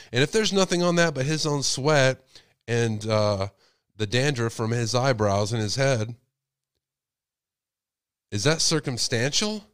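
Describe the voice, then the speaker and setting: A man's voice: medium pitch, fairly bright tone, no echo. Guy with a cold running a call-in show, lots of rhetorical questions, dry sound. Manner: speculative, asks rhetorical questions. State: sick with a cold. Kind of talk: casual call-in show talk.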